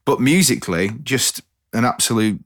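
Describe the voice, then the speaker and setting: A man's voice: mid-range voice, animated, normal speed. A man hosting a podcast in a casual, jokey, rambling way, sometimes poking fun at himself. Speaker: podcast host.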